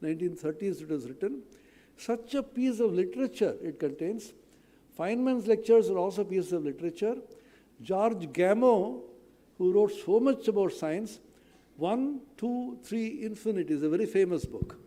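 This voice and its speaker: A man's voice: high-pitched, animated, moderate pace, dark tone. A man answering student questions at a science event, earnest and explanatory, repeating phrases for emphasis. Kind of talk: lecture-style Q&A answer. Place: large hall at a science day event. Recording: long hall reverb.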